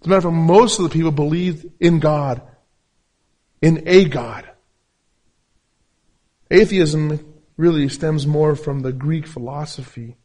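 A man's voice: a little high, unhurried, long pauses, a little mellow. A pastor preaching a sermon in English, his second language, with a non-native accent and emphatic, repetitive phrasing. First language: not English.

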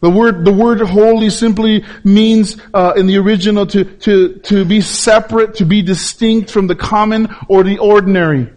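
High-voiced man preaching emphatically. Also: steady tone, darkish tone. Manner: emphatic, repeats words for stress, drops low and slow on key points. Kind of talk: sermon.

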